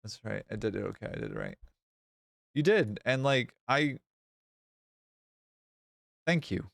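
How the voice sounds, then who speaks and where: A man streaming a game live, chatting casually in an excitable, self-mocking and sarcastic way. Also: fairly low pitch, a little slow, vocal fry, dry recording, clean studio sound. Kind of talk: live gameplay stream chat.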